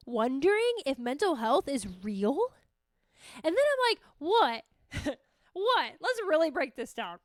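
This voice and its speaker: A woman's voice: high voice, big pitch swings, normal speed, no echo, clean studio sound. A young adult woman hosting her own podcast, chatting casually and animatedly, swearing freely and acting out her own reactions. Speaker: podcast host. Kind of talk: casual solo podcast chat.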